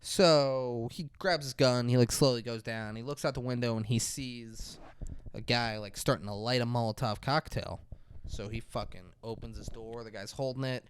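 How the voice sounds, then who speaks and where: A man's voice: medium pitch, normal speed, clean tone. A man co-hosting a podcast, retelling a movie's scenes in a casual, profane way and acting out the characters' lines. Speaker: podcast co-host. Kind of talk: casual movie review chat.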